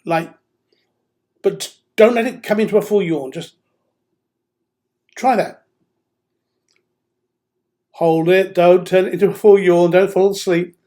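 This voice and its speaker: A man's voice: high-pitched, fairly even intonation, takes it slowly, long pauses, mellow. A man teaching singing, talking in a direct, encouraging way as he coaches the listener through voice drills. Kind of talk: instructional seminar talk.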